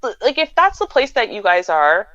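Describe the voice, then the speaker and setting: A woman hosting a casual livestream advice chat, explaining points in a measured way with a muffled voice. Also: medium pitch, sing-song, fairly bright tone, no room sound. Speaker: host. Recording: muffled lo-fi dry sound.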